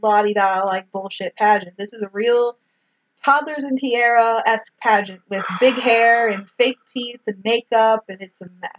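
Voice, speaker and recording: She's a podcast co-host whose voice sits on the high side, moving at a moderate pace as she casually recaps a film. Scenes get retold with acted quotes and plenty of swearing, and the sound is dull and lo-fi.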